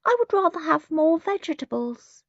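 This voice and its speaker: Prim little boy, voiced by a woman, high and proper, slightly distant. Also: animated, moderate pace, vocal fry, no echo, heavily acted. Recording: muffled lo-fi recording.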